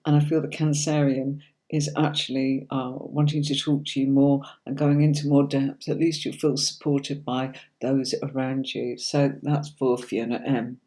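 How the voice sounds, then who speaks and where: Her voice is extremely low, mellow, and flat, at a normal speed, with a little hiss or hum in the recording. She's a middle-aged woman doing casual tarot readings on a livestream, chatting with viewers, reading their comments aloud, and answering them by name with frequent "darling" or "sweetie."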